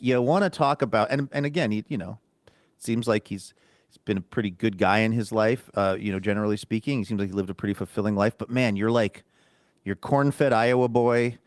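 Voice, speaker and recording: A man co-hosting a podcast, telling stories in a casual chat and acting out quoted lines in an animated way. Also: medium pitch, brisk, no echo, clean studio sound. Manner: animated storytelling, acts out quotes. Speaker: podcast co-host.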